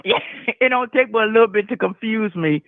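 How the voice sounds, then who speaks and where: A woman's voice: on the high side, a little fast, slight background noise. Effusive woman in her sixties on a tinny phone line. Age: 60s. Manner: effusive, laughs often, folksy. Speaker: caller. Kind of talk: casual call-in chat.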